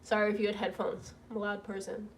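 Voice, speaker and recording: A woman's voice: medium pitch, monotone, quick pace, recorded from a distance, a little hiss or hum. A young woman casually reading out donation messages to her viewers, emotional and gushing, laughing through tears. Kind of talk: casual livestream chat. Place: home room with roof work banging.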